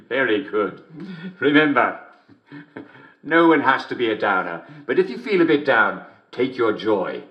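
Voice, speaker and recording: A man's voice: medium pitch, sing-song, slow pace, pauses often, roomy sound, dull audio. An actor playing a creepily upbeat male radio comedy host, who chuckles constantly between lines in an in-game radio broadcast. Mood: chuckling.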